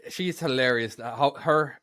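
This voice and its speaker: A man's voice: mid-range voice, moderate pace, bright, forceful tone, no room sound. A man co-hosting a casual podcast, teasing and playful. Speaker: podcast co-host and editor. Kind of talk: casual chat.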